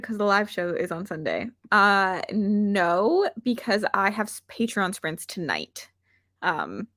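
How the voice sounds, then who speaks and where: A woman hosts a relaxed book-reading livestream, chatting in a rambling, self-deprecating way. Her voice sits in a middle pitch, and the sound is dry and close. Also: dry recording. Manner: chatty, rambling with frequent "like" fillers. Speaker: booktuber hosting reading sprints. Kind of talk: casual livestream chat, reading out viewer comments.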